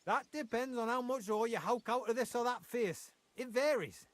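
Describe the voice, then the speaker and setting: A gruff Geordie mine foreman. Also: extremely high pitch, normal speed, fairly bright tone, dry recording. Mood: guarded. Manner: blunt, dialect-heavy, grumbling. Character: gruff male mine foreman, blunt and impatient. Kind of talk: video game voice acting.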